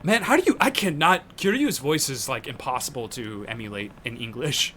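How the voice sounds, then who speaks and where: A man's voice: mid-range voice, expressive, normal speed, fairly bright tone, slight background noise. A man streaming a game live, tossing in joking, flustered asides while reading.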